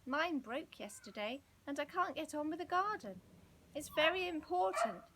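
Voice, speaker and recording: A cross, worried storybook father, read by a woman who grumbles and scolds. The voice stays bright and fairly high, with lively rises. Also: moderate pace, full character voice. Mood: grumbling.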